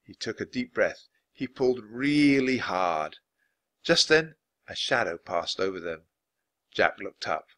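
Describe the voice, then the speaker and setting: Expressive man reading a children's book. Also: measured pace. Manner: expressive, dropping low for narration. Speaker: storybook reader.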